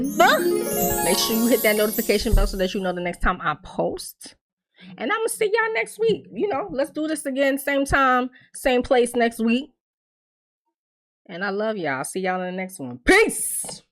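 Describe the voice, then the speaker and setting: Blunt, animated woman recapping TV. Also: mid-range voice. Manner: animated, blunt and profane, acts out characters' lines. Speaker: TV recap host. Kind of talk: casual recap chat.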